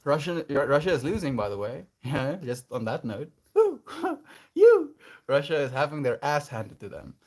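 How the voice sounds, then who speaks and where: A man's voice: medium pitch, lively intonation, fairly quick, few pauses. A man chatting casually on a livestream, reflective and earnest, laughing often as he answers his chat.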